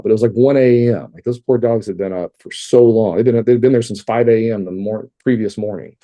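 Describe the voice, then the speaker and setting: A middle-aged man from Texas speaks in a low, very dark, mellow voice. He tells his story candidly as a podcast guest, with loose fillers and blunt asides. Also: quick pace. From Texas, USA. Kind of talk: personal storytelling in an interview.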